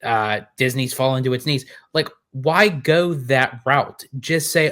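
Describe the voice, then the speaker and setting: A man's voice: medium pitch, a little slow, few pauses, fairly bright tone. Chatty laughing male co-host. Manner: chatty, laughing, self-deprecating. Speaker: podcast co-host. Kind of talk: casual chat.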